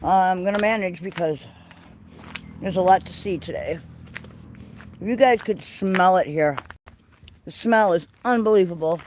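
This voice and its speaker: A man hosting a livestream, walking through his greenhouse and garden and chatting in an excitable, rambling way. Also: sits high, unhurried, pauses often, slight background noise. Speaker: livestream host. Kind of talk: casual walking garden tour. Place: greenhouse and garden, partly outdoors.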